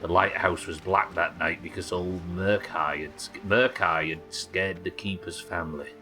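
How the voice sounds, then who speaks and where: A man voicing a solemn, ghostly old male sea captain, reading slowly and gravely with a very deep voice. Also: steady tone, pushed and bright, faint music behind, poor audio. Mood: mournful. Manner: slow, low, grave quest-text reading.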